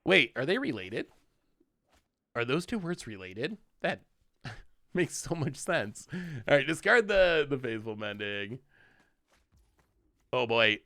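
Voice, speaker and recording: A man gives casual commentary while he plays a card game, and his voice sounds bright and forceful. His pitch swings widely and he talks at an unhurried pace, chatting with his opponent and his viewers and laughing often. The sound is dry and close. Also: sing-song, no echo. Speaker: streamer playing a card game.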